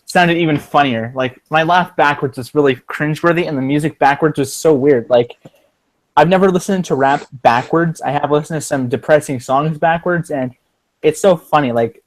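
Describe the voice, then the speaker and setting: A man's voice: fairly high pitch, normal speed, dry recording. A man chatting casually on a livestream, rambling and profane with frequent fillers and restarts, recorded on a computer mic. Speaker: livestream co-host.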